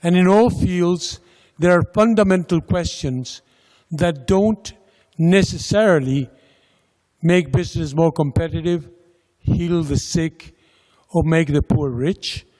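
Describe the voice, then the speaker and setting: In a lecture hall with long reverb, a man gives a slide presentation on a funding agency's programs. He speaks slowly and deliberately, with pauses and fillers, in a voice that's on the high side and a little mellow.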